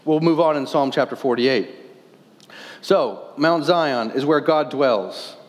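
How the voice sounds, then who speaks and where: A man's voice: mid-range voice, takes it slowly, in a large hall. A man in his thirties, a pastor, preaching a sermon earnestly, posing questions and reading scripture aloud.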